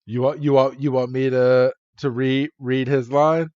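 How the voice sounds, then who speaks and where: A man's voice: medium pitch, little pitch movement, a little slow, darkish tone, dry recording, dull audio. A man co-hosting a podcast, recapping a cartoon episode in crude, laughing banter. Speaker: podcast co-host.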